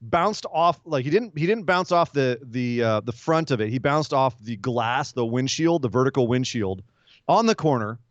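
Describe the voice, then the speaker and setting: A man's voice: medium pitch, animated, normal speed, no room sound. A man co-hosting a podcast, chatting casually and animatedly about wrestling, laughing and acting out the moves. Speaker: podcast co-host. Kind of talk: casual wrestling recap chat. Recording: slightly dull lo-fi audio.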